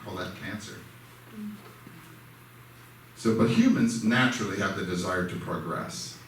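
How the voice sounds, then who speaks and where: A man's voice: low voice, a little slow. Man giving a church lesson in an echoey hall. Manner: conversational, self-deprecating, acts out quoted dialogue. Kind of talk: casual spoken church lesson. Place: church sanctuary. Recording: echoey hall, mic far off, faint noise.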